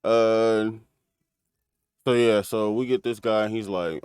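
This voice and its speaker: A man's voice: fairly low pitch, steady tone, slow pace, darkish tone, smooth, no echo, clean studio sound. A man casually recapping an episode on a stream, rambling with fillers, restarts and laughter.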